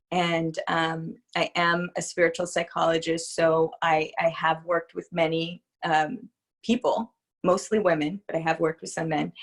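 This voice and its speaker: Reflective woman speaking with hesitant pauses. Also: low-pitched. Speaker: podcast guest, spiritual psychologist. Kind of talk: candid interview talk.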